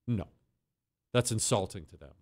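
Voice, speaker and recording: Animated, sarcastic male radio host. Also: lowish voice, moderate pace, no echo. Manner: animated and emphatic, sarcastic asides. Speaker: radio talk show host. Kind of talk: opinionated talk radio monologue.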